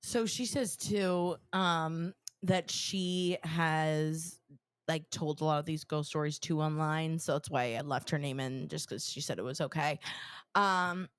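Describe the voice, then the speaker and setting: A woman hosting a podcast, relaying a listener's story in relaxed chat with frequent fillers. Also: low voice, a little slow, clear, resonant tone, dry recording. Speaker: podcast host.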